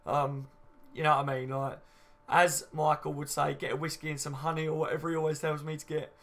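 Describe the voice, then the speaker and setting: A late-twenties fan livestream host reads viewer comments in a friendly, chatty manner, swearing casually and saying "you know what I mean" a lot. His pitch is fairly high with little movement, his pace fairly quick, and his tone a bit bright.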